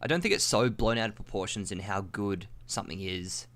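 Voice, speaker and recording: Low-voiced man mulling opinions. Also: expressive, brisk, fairly bright tone. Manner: thoughtful, hedging, many fillers. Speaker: co-host. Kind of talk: casual podcast chat.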